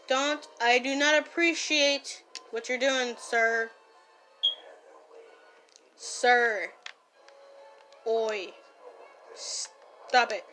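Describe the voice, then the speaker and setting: A woman voicing a brash, hot-tempered young gang-boss man in a listener role-play while gaming, scolding and yelling. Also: fairly high pitch, steady tone, drawn-out words, pauses often, faint music behind, exaggerated voice. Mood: annoyed gaming. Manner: loud, scolding, easily startled, playful yelling. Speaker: fan voice actor.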